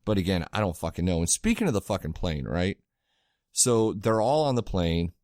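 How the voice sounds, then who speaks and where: A low-voiced man chats casually on a podcast, swearing freely and growing animated as he recounts scenes. The sound is dry and close, with no room around it. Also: moderate pace, no echo. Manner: excitable, swears a lot, animated retelling. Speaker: podcast co-host. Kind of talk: casual chat.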